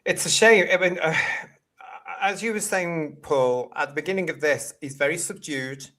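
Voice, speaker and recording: A man's voice: fairly high pitch, normal speed, fairly bright tone. A British man hosting a casual live-stream panel chat, blunt and opinionated, with a mocking edge, speaking over a video call. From United Kingdom. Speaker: host.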